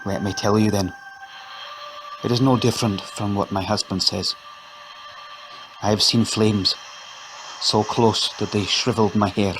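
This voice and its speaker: A man reading an audio story, voicing a downtrodden, haunted wife who speaks in a measured, grave and despairing way. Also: fairly low pitch, fairly even intonation, background noise. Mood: bitter, despairing.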